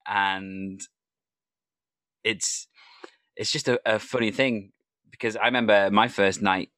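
A man with a lowish voice hosts a relaxed interview, recorded dry and close. He tells anecdotes and slips into the voices of the people he quotes. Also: slow, dry recording. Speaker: podcast host interviewing an improviser. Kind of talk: casual conversational interview.

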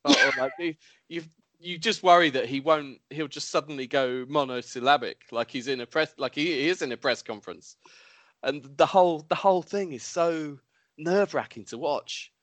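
A man's voice: on the high side, normal speed, a bit bright, dry recording. A man hosting a casual panel chat, teasing his guests and laughing often. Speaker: host.

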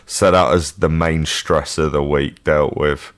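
A man's voice: rumbling low, steady tone, unhurried, clean tone. A man with a Cockney accent, co-hosting a podcast in a laid-back, unenthusiastic, slangy way. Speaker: podcast co-host. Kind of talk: casual podcast banter.

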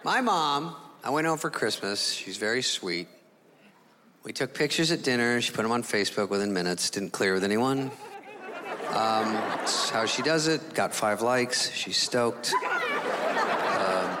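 A man doing stand-up comedy on a theater stage, telling a sardonic, animated story. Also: mid-range voice, unhurried, a loud crowd. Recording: reverberant hall with ambient noise.

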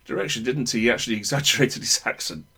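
With a mid-range voice that's animated, sharp, and slightly rough, this fast-talking man from Northern England speaks in a broad accent. In casual chat he airs his opinions at length, rambling and restarting sentences often as he thinks aloud.

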